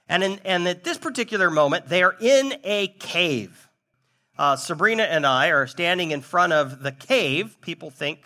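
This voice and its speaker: Guy preaching, fairly high voice, very animated, telling a story and acting it out. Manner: animated storytelling with acted quotes. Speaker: pastor. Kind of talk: sermon.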